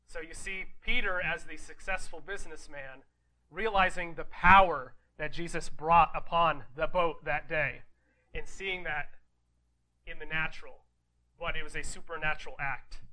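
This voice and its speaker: Bright-voiced preacher man, sharp and forceful. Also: fairly high pitch, normal speed, rough recording. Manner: rhetorical questions, frequent "right?" asides; reads scripture aloud, then explains it casually. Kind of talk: conversational sermon.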